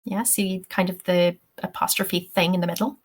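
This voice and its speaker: A woman's voice: lowish voice, steady tone, moderate pace. A woman teaching English-teacher trainees in a webinar, explaining patiently step by step and often saying "okay" and "um". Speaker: TEFL trainer.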